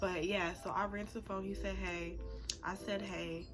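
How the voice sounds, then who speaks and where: A woman's voice: mid-range voice, level tone, moderate pace. A woman in her twenties telling a personal story to camera in a chatty way, with lots of "like" fillers and laughs at herself. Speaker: storytime vlogger. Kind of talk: casual storytelling. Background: background music.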